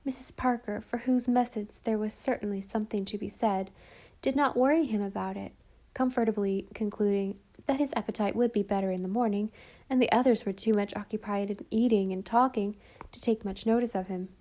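A woman narrating a storybook in a calm, even way. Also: mid-range voice, brisk. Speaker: audiobook narrator.

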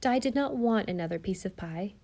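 Mellow-voiced woman narrating a story. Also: medium pitch, expressive, fairly quick, vocal fry. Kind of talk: audiobook narration.

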